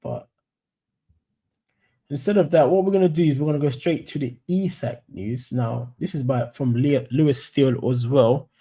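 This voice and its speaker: Young London bloke, casual streamer, rambling chat, mellow warm tone. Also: male voice, mid-range voice, moderate pace, breathy edge. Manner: chatty, rambling, says "mate" and "you know what I'm saying". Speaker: football fan streamer. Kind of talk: casual live-stream commentary.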